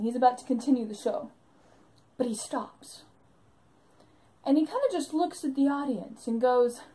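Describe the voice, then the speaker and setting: A woman's voice: a little high, mellow, rough recording. A young woman narrating an enthusiastic fan vlog about a live show she went to, in a bubbly storytelling manner.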